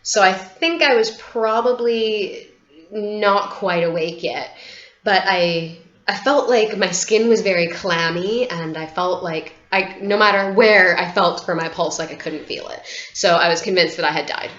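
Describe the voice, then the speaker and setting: A woman's voice: medium pitch, measured pace, a bit bright. A woman vlogger telling a personal story to camera in a candid, rambling way, with many "like" fillers and free swearing. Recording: roomy, dull lo-fi home recording.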